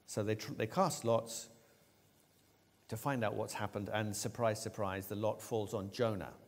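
A man preaching a sermon, retelling a story with lively, acted-out voices for the characters. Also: fairly low pitch. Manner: animated storytelling, acting out quoted lines. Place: church. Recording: long church reverb.

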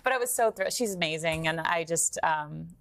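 A woman's voice: low-pitched, fairly quick, a bit bright. A woman from Georgia, a Broadway actor, chatting as a bubbly talk show guest who laughs and restarts her sentences. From Georgia, USA.

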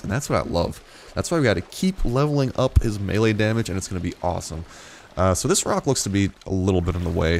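Excitable young man rambling over gameplay. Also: low-pitched. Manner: rambling and excitable, swears freely, yelps when startled. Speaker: gaming YouTuber. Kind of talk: casual let's-play commentary.

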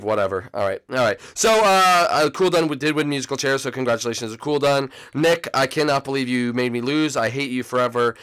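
Gravelly and fairly quick at a mid-range pitch, this male gameplay host talks casually to his viewers, whom he calls "folks." He gets excitable, yelping and shouting whenever the game heats up.

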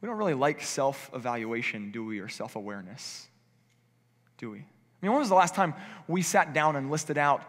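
With a mid-range, slightly bright voice and a long reverb tail, a male pastor preaches conversationally in a church sanctuary, acting out quoted voices of what people might say.

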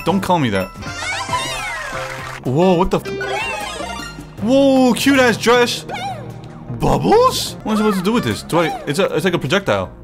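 A man giving excitable, joking let's-play commentary, swearing often and talking to the game as he plays. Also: high voice, normal speed, vocal fry, pauses often. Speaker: gaming streamer. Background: game music.

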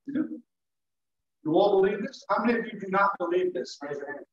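Lively high-voiced male teacher in an echoey room. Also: brisk. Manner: animated, playful demonstrations to students. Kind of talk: classroom lecture on public speaking. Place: classroom. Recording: echoey classroom from far off, dull.

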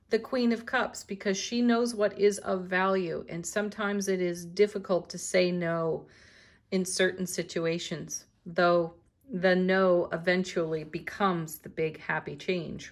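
A middle-aged woman giving a daily tarot reading in a gentle, spiritual way, laughing often. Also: mid-range voice, fairly even intonation, unhurried. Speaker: tarot reader.

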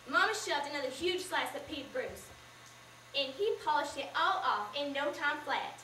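A teenage girl performing a memorized story in the first person, with expressive, measured narration, in a school auditorium. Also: high voice. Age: teens. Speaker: student performer. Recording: echoey room, from far off, faint noise.

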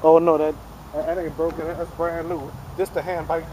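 In a very noisy outdoor setting, a woman films herself on a handheld camera, chatting casually at normal speed in a low voice with little pitch movement. She groans and calls for help as she strains at exercise equipment, stammering, repeating words, and laughing at her own expense.

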